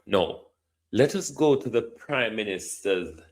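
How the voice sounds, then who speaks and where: A man's voice: on the low side, lively intonation. A middle-aged Jamaican man giving opinionated commentary, stretching key words for emphasis and ending points with a questioning "hmm?". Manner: repeatedly addresses a minister by name, drawn-out emphasis, tag "hmm?". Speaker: political commentator.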